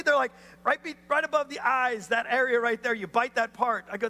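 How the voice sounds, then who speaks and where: High, bright-voiced man preaching in a hall. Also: fairly quick, hardly any pauses. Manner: animated storyteller, acts out voices, calls out to the crowd. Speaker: pastor. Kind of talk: sermon.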